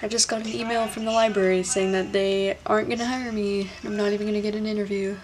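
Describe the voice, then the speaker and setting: A woman's voice: medium pitch, flat delivery, fast talker, few pauses. A young woman vlogging casually, stressed and upset, filler-heavy and swearing a lot. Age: young adult. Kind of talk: casual vlog talk.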